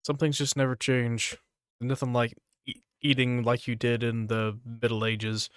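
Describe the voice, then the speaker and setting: A man co-hosting a casual podcast, playful and quick with quips. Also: medium pitch, little pitch movement, clear, resonant tone, no room sound, studio quality. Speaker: podcast co-host.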